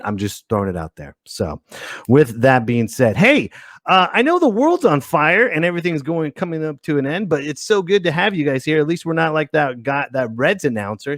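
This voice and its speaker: A man's voice: medium pitch, no echo, studio quality. A man hosting a casual livestream podcast, talking in a playful, jokey way. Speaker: host.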